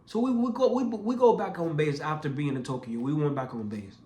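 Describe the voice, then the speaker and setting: Young guy vlogger, slightly high voice, animated storyteller who stumbles and restarts, roomy echo. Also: a little fast, slight background noise. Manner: animated, acts out quoted voices; casual, repeats words and restarts. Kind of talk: casual storytelling.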